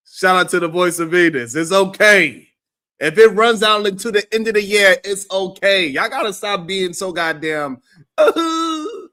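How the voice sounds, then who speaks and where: High, bright-voiced man ranting. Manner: animated, profane, laughs often. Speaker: live-stream commentary host. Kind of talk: casual reaction commentary.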